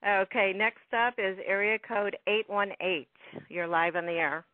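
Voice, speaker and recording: A man's voice: high-pitched, no room sound. A man hosting a call-in radio show, taking callers in an easygoing way. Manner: slow, easygoing, laughs along. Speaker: radio host. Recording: dry tinny phone-like audio.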